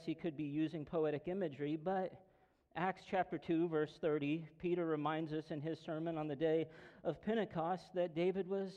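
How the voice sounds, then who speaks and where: A man's voice: fairly high pitch, warm tone. A man preaching as pastor, earnest, reading scripture aloud with feeling. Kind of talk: sermon. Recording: dull lo-fi sound with long hall reverb.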